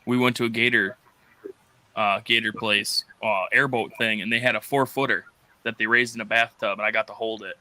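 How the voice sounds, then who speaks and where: A man from Wisconsin in casual chat, telling animated stories and acting out quotes. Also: a little fast, no room sound. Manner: animated, acts out quotes in high voices.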